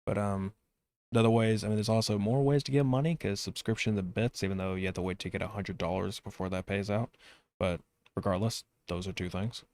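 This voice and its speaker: A man's voice: on the low side, fairly even intonation, a little fast, a little mellow. A young man hosting a casual podcast, rambling and self-deprecating, with a slight lisp. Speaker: podcast host and streamer.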